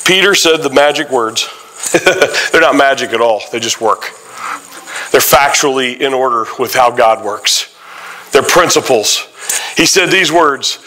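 A man preaching a sermon as a guest pastor, telling stories in an animated way with frequent exclamations. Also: medium pitch, measured pace, long pauses, low-quality recording. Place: church sanctuary.

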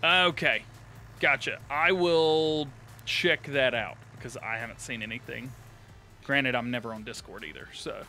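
A man with a drawl hosting a live game stream, chatting casually with viewers, laughing often and thanking them warmly. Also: medium pitch, unhurried. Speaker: live-streaming gamer host. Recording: light game music behind.

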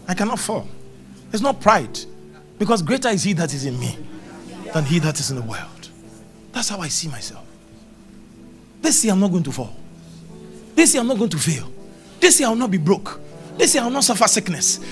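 A man's voice: high-pitched, sing-song, normal speed, pauses often, soft background music. A middle-aged man preaching a sermon at a church service, emphatic and repetitive, quoting scripture. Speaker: pastor.

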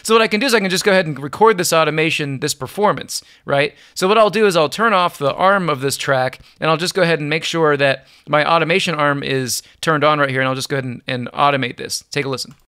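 Guy walking thru music software, bright voice, dry close mic, chill and upbeat. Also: fairly high pitch, fast, few pauses, clean tone, no room sound. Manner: relaxed, upbeat explaining with chuckles. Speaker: music production tutor. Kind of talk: screen-recorded software tutorial.

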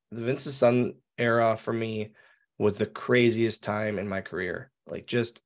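A man in his thirties, a former wrestler, telling a career story in a casual interview with lots of fillers and restarts. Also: mid-range voice. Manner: animated, rambling storyteller with frequent fillers.

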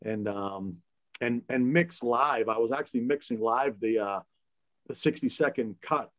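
A man from the Boston area who spins stories on a podcast panel. He is animated, laughs often and acts out the voices of people in his anecdotes, with an easy, conversational flow. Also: medium pitch, measured pace. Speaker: guest DJ. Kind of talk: casual storytelling on a panel.

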